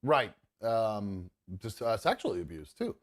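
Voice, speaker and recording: A man's voice: lowish voice, sing-song, measured pace. Earnest rambling middle-aged man. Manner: rambling anecdotal storyteller, earnest. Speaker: podcast host. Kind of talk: casual chat. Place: studio.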